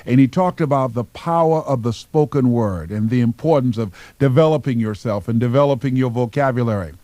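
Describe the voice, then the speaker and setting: Male motivational speaker from Miami, Florida; mid-range voice, deliberate emphatic storytelling, dry close recording. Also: mid-range voice, dark tone, dry recording. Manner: slow, deliberate, emphatic phrasing.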